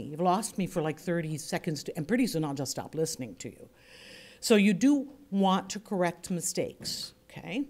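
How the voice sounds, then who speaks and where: A woman leading a speaking workshop for a group, chatty and demonstrative, often speeding up or slowing down to show a point. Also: fairly low pitch, a little mellow. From United States. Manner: chatty, demonstrative, shifts pace and inflection to illustrate points.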